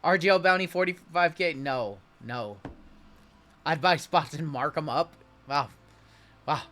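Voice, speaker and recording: Bright-voiced man hosting a card break. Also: on the high side, measured pace. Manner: chatty, rattles off cards and spots while joking with viewers. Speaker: sports card break host. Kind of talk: live-stream card break commentary.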